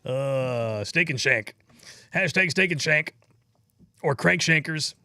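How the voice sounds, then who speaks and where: A man's voice: a little high, animated, slow pace, pushed and bright, dry recording, clean studio sound. A man in his thirties co-hosting a casual live stream, reading donations aloud and teasing his co-host. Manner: joking, teasing, reads messages aloud.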